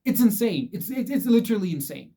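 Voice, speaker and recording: Young male vlogger, fairly high but mellow voice, blunt and repetitive, preachy advice. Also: sing-song, brisk, breathy edge. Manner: emphatic, repetitive, addresses viewers as guys. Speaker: vlogger giving life advice. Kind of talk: casual direct-to-camera advice talk.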